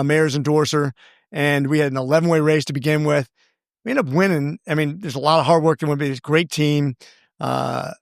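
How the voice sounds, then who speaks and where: An earnest man talking at length as a guest on an interview show, circling back and restarting his sentences as he goes. His voice sits fairly high for a man. The sound is dry and close, with no room echo. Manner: earnest, rambling, with many restarts. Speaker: congressman guest. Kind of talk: casual interview storytelling.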